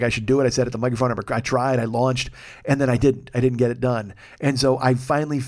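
A man hosting a podcast alone, telling a rambling, profane comic story from his apartment. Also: medium pitch. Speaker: podcast host. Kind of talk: solo comedic monologue. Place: home apartment.

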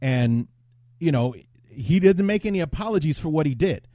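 A man's voice: a little high, expressive, moderate pace, warm tone, dry recording, studio quality. A man hosting a sports podcast, talking in a rambling, blunt way with frequent restarts. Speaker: podcast host. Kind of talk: casual sports podcast chat.

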